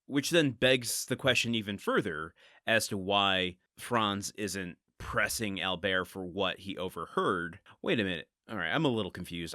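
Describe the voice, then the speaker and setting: A man's voice: low-pitched, pushed and bright, no room sound, clean studio sound. A man hosting a casual book podcast, thinking aloud, rambling and poking fun at himself with small laughs. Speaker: podcast host.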